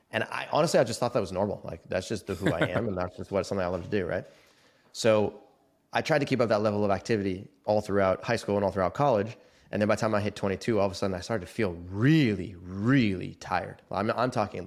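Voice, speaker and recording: Low-voiced man telling his story. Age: 40s. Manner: animated storyteller, acts out quoted voices. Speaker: guest. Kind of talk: casual interview storytelling.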